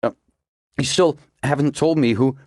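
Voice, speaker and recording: A man's voice: mid-range voice, moderate pace, darkish tone, no echo, clean studio sound, pitched above the performer's own voice, lightly acted. A man voicing a nervous young male police diver who stammers and hesitates, in an audiobook. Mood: uneasy. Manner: hesitant, faltering.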